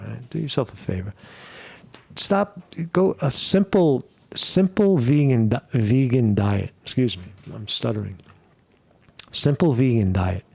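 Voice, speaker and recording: A man hosts a loose solo commentary show from home, talking in a rough, gravelly voice of middling pitch. He rambles, swears freely and restarts his sentences, often tagging them with a quick "right?". The recording is dry, with no room sound around him. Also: a little mellow, no room sound. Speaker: podcast host.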